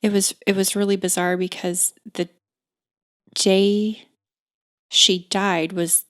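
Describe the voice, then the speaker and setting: A woman in her thirties telling a personal story as a podcast guest, unhurried and full of "like" fillers and restarts. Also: medium pitch, little pitch movement, a bit bright, smooth.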